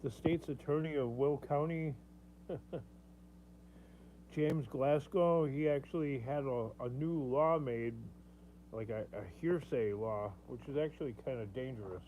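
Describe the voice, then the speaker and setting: A man's voice: medium pitch, a little slow, warm tone. A man hosting a casual livestream, rambling, chuckling often and answering viewer comments. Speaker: livestream host. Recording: tinny phone-like sound with faint hum.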